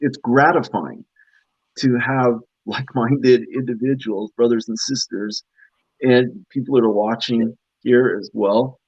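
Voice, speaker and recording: A man's voice: medium pitch, steady tone, a little slow, darkish tone, slightly rough, no room sound. A man speaking earnestly and emotionally in a spiritual talk-show conversation, rambling with fillers over a video call. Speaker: guest speaker. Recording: dull, lo-fi dry audio.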